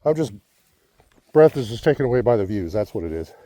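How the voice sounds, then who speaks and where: A man's voice: lowish voice, big pitch swings, racing, warm tone, dry recording. A man talking casually while hiking a desert trail, out of breath and joking at his own expense. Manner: chatty, self-deprecating. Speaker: vlogger.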